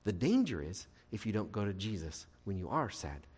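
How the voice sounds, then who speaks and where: A man's voice: on the low side, big pitch swings, moderate pace, a little mellow, slightly rough. A man preaching a sermon in an earnest, conversational way, asking his listeners rhetorical questions and adding playful asides. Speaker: pastor. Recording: reverberant hall.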